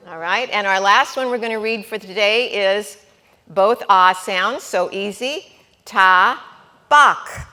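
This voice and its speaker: A woman's voice: mid-range voice, bright, forceful tone. A woman teaching a Hebrew lesson to a class, patient and encouraging, sounding out syllables and checking that everyone follows.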